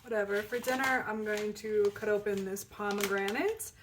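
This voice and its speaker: A woman's voice: mid-range voice, steady tone, normal speed, noisy background. A young woman from Minnesota chatting casually to camera in a vlog, rambling with lots of "like" and sometimes dropping to a mutter. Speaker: vlogger.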